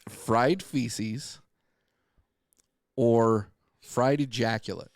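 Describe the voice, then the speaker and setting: A man co-hosting a podcast in casual chat, teasing his co-host with quick questions. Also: medium pitch, dry recording, clean studio sound.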